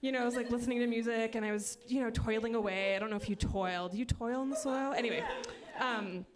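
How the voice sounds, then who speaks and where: A woman performing a stand-up set in a chatty, self-mocking way full of "like" and quick asides. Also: fairly high pitch, steady tone. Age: 30s. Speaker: stand-up comedian. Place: comedy club stage.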